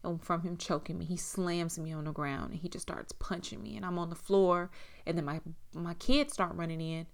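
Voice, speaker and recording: A woman's voice: on the low side, fairly even intonation, normal speed, creaky. A young woman candidly telling a personal story in a casual way, swearing freely and using lots of fillers. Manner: frank, casual, swears freely, many "like" and "you know" fillers. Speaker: storyteller recounting personal experience.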